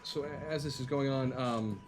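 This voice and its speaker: A man's voice: medium pitch, moderate pace. Man narrating as game master, noisy mic. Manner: hesitant, many ums and restarts while describing the scene.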